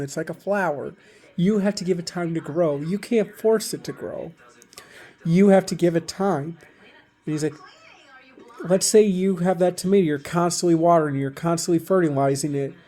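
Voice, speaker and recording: A man's voice: fairly high pitch, dark tone. A young man casually retelling relationship advice he got, rambling with lots of fillers. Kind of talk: casual storytelling vlog.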